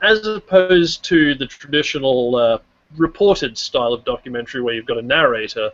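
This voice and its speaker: A man's voice: medium pitch, expressive, normal speed, a bit bright. A man co-hosting a casual review podcast, enthusiastic and swearing casually. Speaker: podcast co-host. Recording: muffled lo-fi mic.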